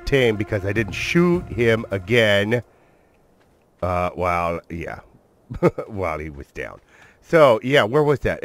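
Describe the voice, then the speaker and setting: A man giving excitable let's-play commentary as a gaming channel host, swearing mildly and talking to his viewers and the creatures he tames. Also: on the low side, dry recording.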